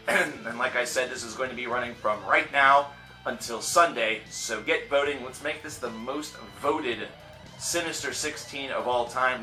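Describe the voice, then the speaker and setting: A man hosts his own channel in a chatty, upbeat way, tossing in quick asides. His voice is bright and forceful, and the room around him rings with echo. Faint guitar music plays underneath. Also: mid-range voice. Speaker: channel host. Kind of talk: casual vlog presentation.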